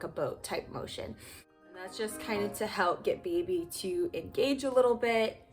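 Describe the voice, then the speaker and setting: A woman's voice: mid-range voice, fairly bright tone. A young woman talking casually to camera as a parenting vlogger, noticeably out of breath, chatty and rambling with fillers. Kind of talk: casual vlog talk to camera.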